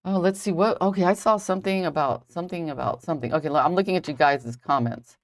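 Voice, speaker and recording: A woman's voice: lowish voice, quick pace. A middle-aged woman, a jewelry designer, rambling in casual chat with viewers on a live stream while she knots a bracelet, saying "like" constantly. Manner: rambling, heavy use of "like".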